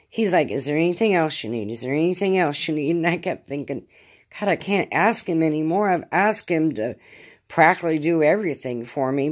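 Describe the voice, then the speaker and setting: A middle-aged woman at home, in pain after arm surgery, rambling through a casual spoken diary with many halting fillers. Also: deep voice, a little mellow. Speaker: vlogger.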